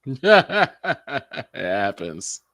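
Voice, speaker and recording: A man adding slow, joking side remarks and laughs to a hockey live stream. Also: medium pitch, sing-song, a bit bright, dry recording, clean studio sound. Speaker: co-commentator. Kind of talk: casual banter on a live stream.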